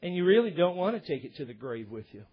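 Husky-voiced male preacher, lo-fi sound. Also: high-pitched, very animated, quick pace. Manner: storytelling with acted-out dialogue. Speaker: pastor. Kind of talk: sermon.

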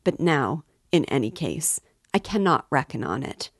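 A woman's voice: low voice, very animated, moderate pace, slightly rough, no room sound, studio quality, full character voice. A woman reading the part of a pompous, sarcastic middle-aged male suitor in a lofty tone. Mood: indignant.

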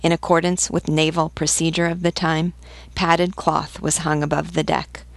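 A woman reading a novel aloud in a measured, even manner. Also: low voice, creaky, no echo. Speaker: book reader. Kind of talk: audiobook reading.

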